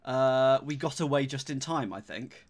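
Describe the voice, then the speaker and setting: A man's voice: mid-range voice, normal speed. Jokey man streaming a game. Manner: jokey, reads game text aloud with quips. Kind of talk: casual let's-play chat.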